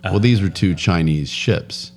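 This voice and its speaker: Faint music plays behind a man co-hosting a podcast, his low voice darkish in tone and a little slow. Casual banter carries him rambling from one news story to the next, often laughing and sometimes trailing off mid-sentence.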